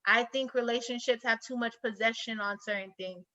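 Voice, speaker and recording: A woman's voice: a little high, steady tone, fairly quick, sharp tone, lo-fi sound. A young woman hosting a heated panel debate, insistent and lecturing as she explains her view. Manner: insistent, lecturing, talks over others.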